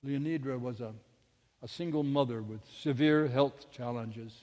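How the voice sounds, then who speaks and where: A man's voice: medium pitch, moderate pace, a little mellow, in a large hall. A male minister telling a story in a sermon, dramatic, with sudden drops to near-whispers.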